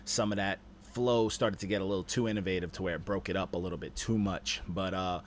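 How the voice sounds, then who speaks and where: A man hosting a stream and critiquing rap submissions in a casual, animated way, full of slang and "you know what I'm saying". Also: low-pitched, quick pace, slight background noise. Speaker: rap judge and stream host.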